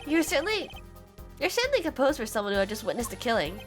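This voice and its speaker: A woman's voice: fairly high pitch, very animated, fast. A woman voicing an earnest young male defense attorney who questions the witness directly, read over game music. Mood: pressing.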